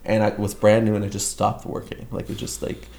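A man's voice: on the low side, completely flat delivery, brisk, creaky, darkish tone, reverberant, slight background noise. A young man from Canada telling a long story in casual chat, rambling with many filler words. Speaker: guest storyteller.

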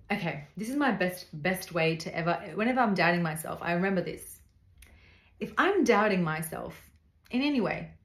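A woman's voice: lowish voice, echoey room. A woman hosting a podcast, giving casual faith-based advice in an earnest, direct way and speaking straight to the listener. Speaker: podcast host.

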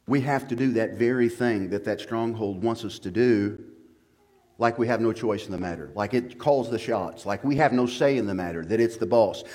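A man preaching a sermon as pastor, moving from low quiet talk to loud, fervent passages. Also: in a large hall.

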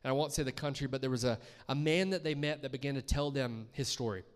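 A man's voice: mid-range voice, quick pace, smooth. A man preaching a sermon as a guest speaker in a church, talking conversationally and asking the congregation questions.

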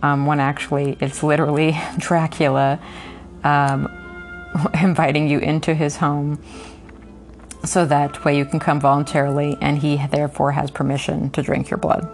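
A woman's voice: deep voice, little pitch movement, moderate pace, a little mellow, faint music behind. A woman reading a novel aloud and breaking off for chatty, filler-heavy commentary, recorded on an app. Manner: chatty asides with frequent fillers. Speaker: podcast reader and commentator.

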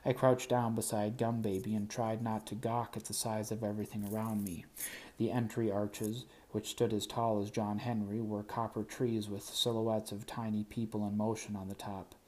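Male audiobook narrator, lower voice, dry wry first-person read. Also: little pitch movement, moderate pace, warm tone.

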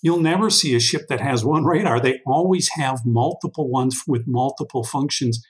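A man speaking as an interview guest, his voice sitting in an ordinary middle register. He works through his points slowly and at length, repeating words and dropping in fillers as he thinks aloud. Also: mid-range voice, poor audio. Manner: thoughtful, long-winded, many restarts and fillers. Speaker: guest expert on workforce intelligence. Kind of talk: conversational interview answer.

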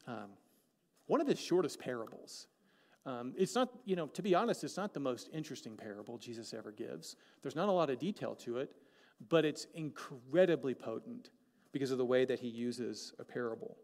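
A man preaching a sermon as pastor, animated and joking, asking the congregation many questions. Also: mid-range voice. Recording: long hall reverb.

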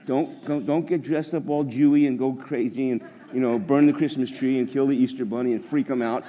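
Male pastor, mid-pitch, lively preaching delivery that swings between loud declarations and quiet jokes. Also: a little fast. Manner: animated preaching with joking asides. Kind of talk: sermon. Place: church service.

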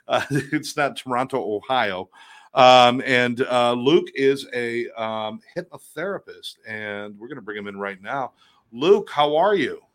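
A man's voice: mid-range voice, animated, unhurried. A man co-hosting a talk show, with a loose, joking manner and many fillers. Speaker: co-host.

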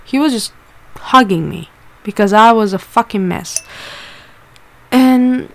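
A woman's voice: medium pitch, takes it slowly. A woman candidly telling a personal story in a casual way, swearing often and using lots of fillers.

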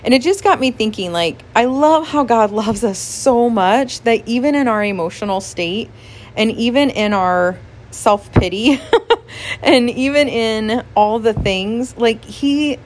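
A pastor's wife giving a casual, earnest devotional talk to listeners, emotional and quick to laugh, with many "like" fillers. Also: female voice, fairly high pitch.

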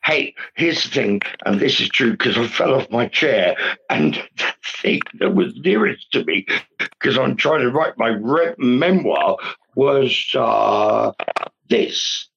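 A man's voice: mid-range voice, expressive, takes it slowly, creaky, a bit bright, dull audio, slight background noise. A man on a comedy panel who stammers and restarts, then reads aloud in a put-on accent. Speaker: panel guest.

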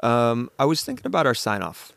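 A man's voice: mid-range voice, huge pitch swings, brisk, creaky, a bit bright, dry recording, studio quality. A man in his forties co-hosting a podcast, chatting casually with rambling enthusiasm. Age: 40s. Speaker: podcast co-host. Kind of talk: casual chat.

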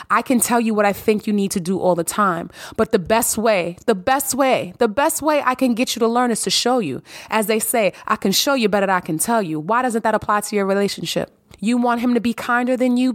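A woman's voice: medium pitch, dry recording, studio quality. A woman hosting a solo podcast, talking emphatically and preaching, repeating phrases for effect. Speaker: podcast host.

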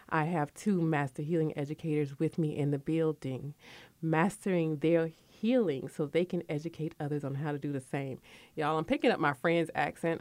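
Chatty woman radio host in her forties. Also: dry recording. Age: 40s. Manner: chatty and candid, lively with sudden high bursts. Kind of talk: casual radio talk.

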